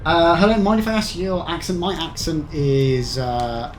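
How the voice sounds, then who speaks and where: A man's voice: on the high side, fairly even intonation, a little slow, background noise. A young man with a Black Country accent, casually chatting with his live-stream audience while playing a video game. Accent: Black Country English. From England. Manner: chatty, rambling, answers chat between game deaths. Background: game music.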